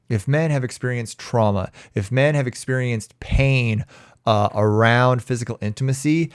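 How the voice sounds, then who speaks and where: A man's voice: medium pitch, smooth, no room sound, clean studio sound. A man working as a relationship coach, answering viewer questions on a live stream in a casual way, often restarting his sentences and laughing easily.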